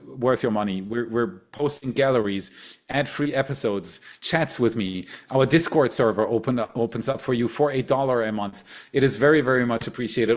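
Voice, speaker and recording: Man, German accent, native German speaker, livestream host, casual chat, excited, fast, repeats words, middle pitch. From Germany, Rhineland.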